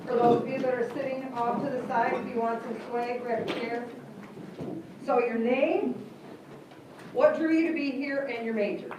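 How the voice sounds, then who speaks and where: A woman's voice: fairly high pitch, steady tone, normal speed. A woman giving a classroom workshop as guest speaker, upbeat and joking while she gives directions, recorded from a distance in a classroom. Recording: echoey room from far off with hiss.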